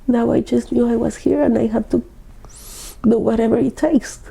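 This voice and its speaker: A woman, a hypnosis client recounting memories in a halting, hushed, often whispered, trance-like way. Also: a little high, fairly even intonation, gravelly, husky, poor audio. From Ecuador.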